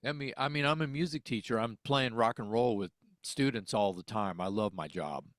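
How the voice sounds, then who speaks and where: A man's voice: medium pitch, moderate pace, fairly bright tone, dry recording, studio quality. A man who sings and teaches music, from Texas, telling a story in casual conversation, acting out phone calls and swearing freely. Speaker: interview guest, singer.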